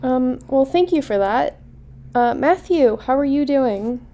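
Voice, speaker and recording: A woman's voice: sits high, lively intonation, slow pace, dark tone. A woman hosting a casual online chat who talks in an easygoing, hesitant way. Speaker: host.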